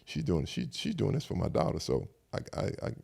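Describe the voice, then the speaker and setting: Older man, Southern American accent, low gravelly voice, quick reflective storyteller. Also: huge pitch swings, a little mellow. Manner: reflective, repeats "I said" while retelling conversations. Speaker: podcast guest. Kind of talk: casual storytelling chat.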